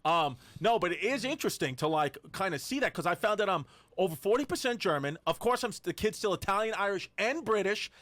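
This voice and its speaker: High-voiced rambling comedian in his forties. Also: animated, fast, hardly any pauses, fairly bright tone, no echo. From Brooklyn. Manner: rambling, restarts, swears freely. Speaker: podcast co-host. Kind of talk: casual comedic banter.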